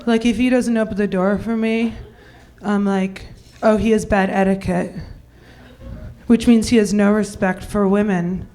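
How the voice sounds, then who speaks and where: A woman's voice: medium pitch, steady tone, a little slow, dark tone. A young woman doing a stand-up comedy routine, rambling through a story with ditzy, acted-out quotes.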